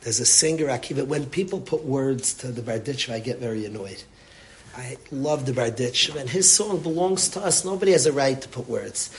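Speaking at medium pitch and a little fast, a man preaches an inspirational sermon with passion and repetition. Yiddish and Hebrew words run throughout his talk.

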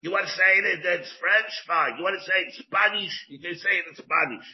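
A man's voice: sits high, fairly quick. A man, a rabbi, teaching a Talmud lesson who mixes English with Hebrew and Aramaic study terms and restates each point. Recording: dull lo-fi recording.

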